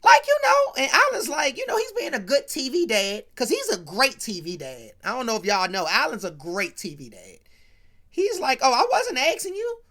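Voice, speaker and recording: A woman tells a sitcom episode as a comic rant, slangy and animated. Her high, bright voice swings widely. A gravelly fry runs through it. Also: normal speed. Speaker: host recapping a sitcom episode. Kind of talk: casual comedic rant.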